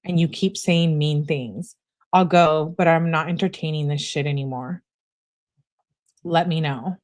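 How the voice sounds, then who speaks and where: A woman's voice: sits low, fairly even intonation, measured pace, a little mellow. A young adult woman hosting a casual livestream, reading text messages aloud and chatting with viewers between them. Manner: reads messages aloud, interjects reactions to chat.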